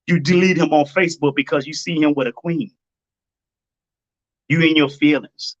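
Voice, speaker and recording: A man's voice: a little high, steady tone, moderate pace, lo-fi sound. A man hosting a live-stream advice talk, blunt and preachy, hammering his points by repeating them. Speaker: dating advice host.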